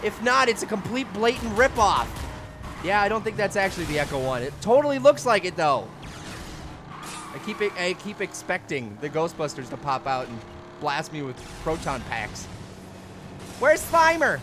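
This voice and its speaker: A young man hosting a gaming channel, giving goofy, excitable let's-play commentary, yelling and laughing at the game. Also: high voice, moderate pace. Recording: game music loud behind the voice. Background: video game music and vehicle sounds.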